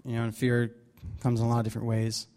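A man's voice: mid-range voice, monotone, quick pace, mellow. A man leading a Bible study, preaching casually with many fillers and restarts. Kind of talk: casual sermon.

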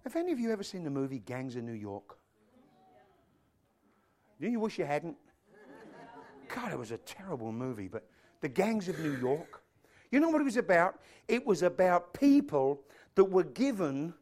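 A man's voice: fairly high pitch, very animated, normal speed, pauses often, darkish tone. A male pastor preaching a sermon in an impassioned, emphatic way, breaking off into self-deprecating asides.

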